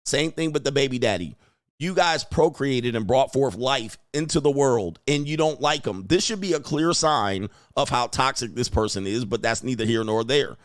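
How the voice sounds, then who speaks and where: A blunt man holds forth on his livestream, hammering his points home and saying them twice for emphasis. His voice sits at an ordinary middle pitch and sounds close and dry, with no room around it. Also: expressive, moderate pace, no echo. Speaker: host. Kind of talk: livestream commentary.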